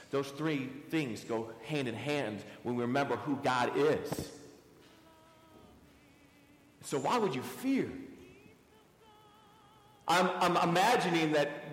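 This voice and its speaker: A male pastor preaches slowly and deliberately, his voice rising and falling with animated swings in pitch. He leans on rhetorical questions and has the congregation underline key words. The sound carries a long, roomy church reverb. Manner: asks many rhetorical questions, tells listeners to underline words. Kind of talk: sermon. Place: church sanctuary.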